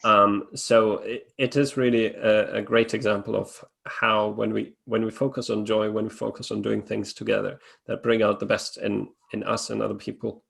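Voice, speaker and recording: Man, webinar host, low gravelly voice, flat delivery, hesitant and filler-heavy. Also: normal speed, few pauses. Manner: hesitant, many fillers and restarts. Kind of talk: casual webinar talk.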